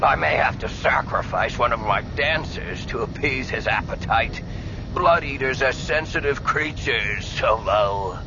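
A man voicing a scheming giant slug crime lord, speaking in a slow, low grumble. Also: expressive, noisy background. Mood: menacing. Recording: dull lo-fi audiobook recording.

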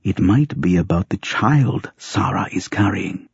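A man's voice: expressive, a little slow, gravelly, slightly rough, dry recording, exaggerated voice. A man playing a grave, muttering older uncle. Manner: low, muttering gravity. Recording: dry, dull muffled audiobook recording.

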